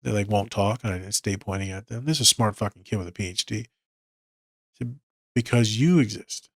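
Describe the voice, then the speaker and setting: A man's voice: fairly low pitch, fairly even intonation, a little fast, fairly bright tone, no room sound, studio quality. A tired man hosting a casual solo podcast as a therapist, talking in a loose, profane, conversational way. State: tired, yawning.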